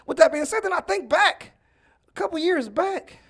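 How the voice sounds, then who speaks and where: Profane storytelling comedian from Dayton. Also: male voice, very high voice, animated, moderate pace. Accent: Dayton, Ohio. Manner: profane, storytelling, builds to shouting punchlines. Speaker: stand-up comedian. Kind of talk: stand-up set. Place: comedy club stage.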